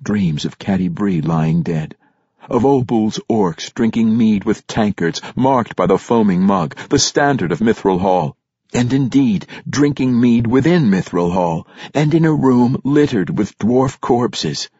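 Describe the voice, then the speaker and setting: Male narrator, lowish husky voice, lively intonation, dry and dull recording. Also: measured pace, dry recording. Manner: expressive, dramatic storytelling. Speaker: audiobook narrator. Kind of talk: scripted fantasy narration.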